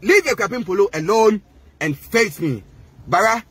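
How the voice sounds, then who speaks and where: A man's voice: high voice, lively intonation, moderate pace, fairly bright tone, slightly rough, no echo. A man with a Ghanaian accent delivering a heated, mocking rant to the camera, switching between languages. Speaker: social media personality.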